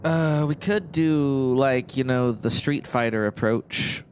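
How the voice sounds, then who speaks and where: A man's voice: medium pitch, takes it slowly, slight background noise. A man narrating his gameplay in a rambling, musing way, often correcting himself with chuckling asides. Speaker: let's-play host.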